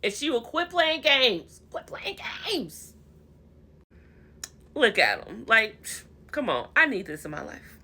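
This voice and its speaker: A woman's voice: on the high side, sing-song, normal speed, sharp tone. A young woman recapping a reality TV episode in a chatty, slangy, gossipy way, calling her viewers honey and y'all.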